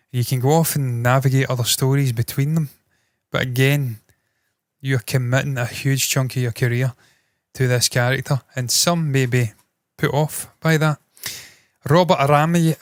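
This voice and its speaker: A man's voice: mid-range voice, no echo, clean studio sound. A man hosting entertainment news, giving blunt, opinionated commentary with frequent swearing.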